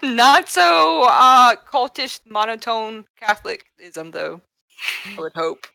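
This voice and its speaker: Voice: medium pitch, slow pace, creaky, sharp tone, no echo. A tabletop game player chatting casually, rambling and correcting themselves mid-sentence.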